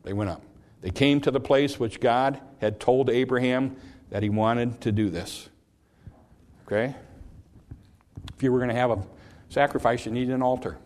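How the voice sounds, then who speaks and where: A middle-aged man preaching a sermon, earnest, repeating phrases and rising in pitch on points he stresses. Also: moderate pace, pauses often, a little mellow. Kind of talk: sermon, Bible teaching.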